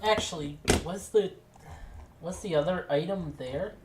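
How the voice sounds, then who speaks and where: A woman's voice: on the low side, music in the background. A woman streaming a game, chatting casually and muttering at it as she plays. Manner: slow, offhand, mutters at the game. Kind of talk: casual gameplay chat. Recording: echoey room.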